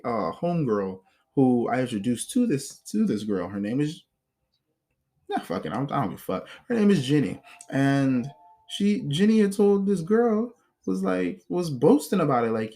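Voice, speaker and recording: Man, podcast host, casual storytelling monologue, blunt, profane, animated. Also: medium pitch. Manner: blunt, profane, animated retelling with acted quotes.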